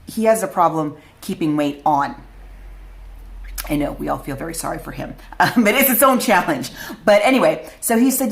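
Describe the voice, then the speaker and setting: Chatty, low-voiced middle-aged woman vlogger. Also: lively intonation, normal speed, creaky. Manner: chatty and candid, laughing often at herself. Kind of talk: casual personal storytelling to camera.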